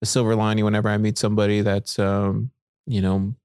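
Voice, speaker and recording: Laid-back male host with a slightly low voice, dry close-mic sound. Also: level tone, a little fast, a little mellow, clear, resonant tone, dry recording. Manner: easygoing, encouraging, lots of fillers. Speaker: podcast host. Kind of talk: casual podcast conversation.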